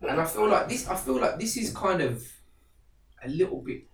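A man, an actor chatting as a podcast guest in a lively, slangy way, full of "innit" and "you know what I mean". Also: sits high, moderate pace, vocal fry, a little hiss or hum. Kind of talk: casual chat. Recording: roomy, somewhat distant mic.

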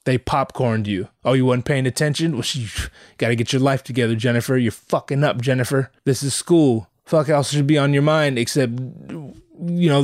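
A man in his thirties talking casually, rambling through stories with heavy swearing and animated asides. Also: mid-range voice, dry recording, studio quality. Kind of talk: casual profane monologue.

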